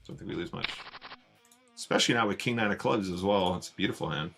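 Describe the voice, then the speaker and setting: A man with a low voice and vocal fry talks fast in a fairly bright tone, with faint music in the background. He chats casually with live-stream viewers, greeting them while commentating his online poker play.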